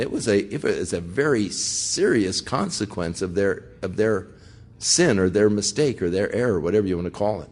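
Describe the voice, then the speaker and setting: A man's voice: on the low side, big pitch swings, normal speed. An older man, a pastor, teaching through a Bible passage in an earnest, conversational way and putting direct questions to his listeners.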